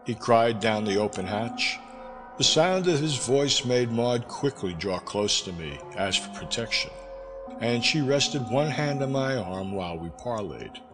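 Expressive male audiobook narrator. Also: mid-range voice, unhurried. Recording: reverberant with background music.

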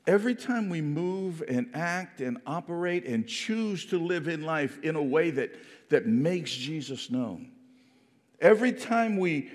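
A man preaching a sermon in an earnest, reflective way, often restarting and repeating words. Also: on the high side. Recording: long hall reverb.

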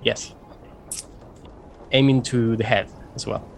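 A man with a strongly gravelly voice plays at a tabletop game, describing his moves hesitantly and stumbling over repeated words. His pitch sits in the middle, with faint music behind him. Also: fairly even intonation, slow. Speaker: player.

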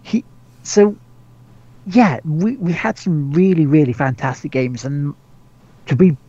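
A man's voice: on the high side, measured pace, warm tone, no room sound, muffled recording. A man co-hosting a gaming podcast, rambling casually, stumbling over repeated words and swearing freely. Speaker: podcast co-host.

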